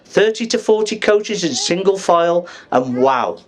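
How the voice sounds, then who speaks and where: A man in his fifties giving a jokey father-of-the-bride speech at a wedding reception, teasing guests and pausing for laughs. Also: high-pitched, expressive.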